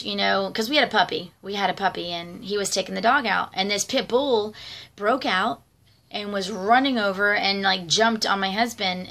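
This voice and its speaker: A woman's voice: mid-range voice, gravelly, pushed and bright. A middle-aged woman vlogger telling personal stories in a rambling, conversational way with lots of fillers and asides. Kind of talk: casual personal storytelling.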